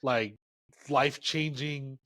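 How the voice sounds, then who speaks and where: Male podcast guest, mid-pitched, loose and candid, dry close-miked sound. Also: slow, no echo. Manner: relaxed and frank, with lots of filler words. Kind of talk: casual podcast chat.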